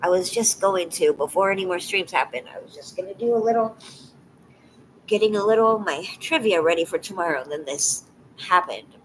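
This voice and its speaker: On a live stream, a woman with an expressive, low-leaning voice chats casually with viewers, tearful and emotional. Her speech is soft and halting, often dropping to a whisper, and the poor audio carries a little hiss or hum.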